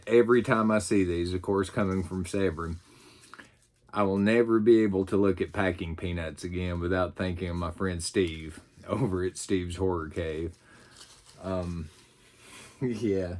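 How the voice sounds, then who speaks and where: Low-voiced man with a Southern US drawl. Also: steady tone, a little slow. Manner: rambling, many fillers and restarts. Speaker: YouTube host. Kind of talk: casual unboxing chat.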